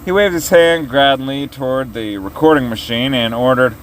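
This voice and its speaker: A man narrating a written story, reading it aloud with steady delivery. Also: mid-range voice, normal speed, hardly any pauses, slight background noise, poor audio.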